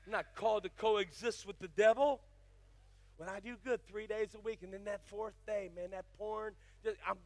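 An older male pastor preaching, moving from folksy storytelling into fiery, shouted exhortation. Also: high voice, fairly even intonation, normal speed, dry recording. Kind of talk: sermon.

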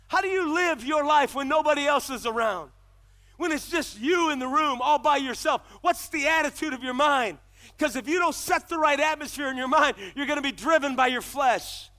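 A middle-aged male pastor delivering a passionate sermon. His voice sits very high and rings bright and forceful. He swings between quieter, earnest stretches and shouted declarations. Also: moderate pace. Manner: impassioned preaching, builds to shouts.

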